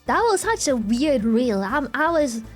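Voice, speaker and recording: A high-pitched young woman talks casually to her live-stream audience. She rants with lively emphasis, swears freely and keeps answering chat. Soft music plays faintly underneath. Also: unhurried. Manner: animated ranting, swears freely, reacts to chat.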